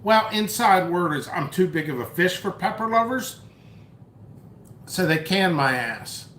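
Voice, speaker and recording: In an echoey room with a little hiss or hum, a man with a high, animated, fairly bright voice hosts a live stream at a measured pace. He eats noodles at home while reading comments and telling a story, mocking and restarting sentences often in rambling chat.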